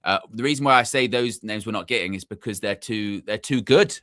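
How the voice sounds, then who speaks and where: A man's voice: fairly low pitch, a little fast, sharp tone, no echo, clean studio sound. Chatty young man rambling on a live stream. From England. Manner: rambling, repeats himself, chatty asides to the chat. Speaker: football channel host. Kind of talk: casual live-stream chat.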